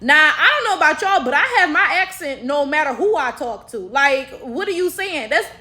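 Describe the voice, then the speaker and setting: A woman's voice: sits high, animated, normal speed, bright, forceful tone. A young woman from Detroit with a Detroit African American accent, giving emphatic casual commentary full of rhetorical asides. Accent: Detroit African American English. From Detroit, USA. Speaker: commentary vlogger.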